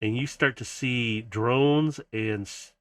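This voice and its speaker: A man's voice: mid-range voice, takes it slowly, fairly bright tone, dry recording. A man narrating a tabletop game as game master, loose and chuckling, with fillers.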